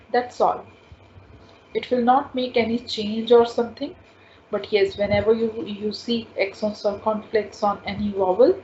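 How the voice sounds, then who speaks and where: A woman teaches a language class in a slow, patient way, repeating each sound and rule several times. Her voice sits a little high for a woman. The recording is dull and lo-fi, with a faint hiss behind her. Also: darkish tone. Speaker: French teacher.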